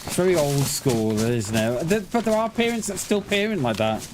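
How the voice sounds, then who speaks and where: A man chats loosely through a live gaming stream, swearing freely as he rambles. His voice sits a little high. A clear background noise runs under his talk. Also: very animated, moderate pace. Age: adult parent of a schoolchild. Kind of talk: casual live-stream chat while gaming.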